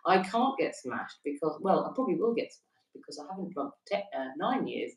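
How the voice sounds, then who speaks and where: A woman's voice: fairly low pitch, very animated, a little fast. Chatty woman on a roomy livestream. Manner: chatty, giggly, reads comments aloud. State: stiff neck. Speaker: livestream co-host. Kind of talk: casual livestream chat, reading out viewer comments. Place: holiday accommodation in Wales. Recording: roomy echo, distant from the mic.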